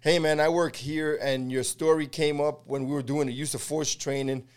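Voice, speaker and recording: A man's voice: a little high, little pitch movement, moderate pace, clear, resonant tone. A middle-aged American man hosting a podcast, telling a long story in casual chat, acting out the quotes, swearing and laughing along. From United States. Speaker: podcast host.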